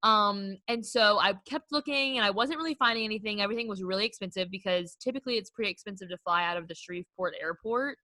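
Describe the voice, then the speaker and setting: A woman's voice: medium pitch, fast, hardly any pauses, bright, forceful tone, no room sound. A young woman co-hosting a podcast, telling a story in casual chat, filling her talk with "like". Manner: chatty storyteller, heavy use of "like". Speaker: podcast co-host.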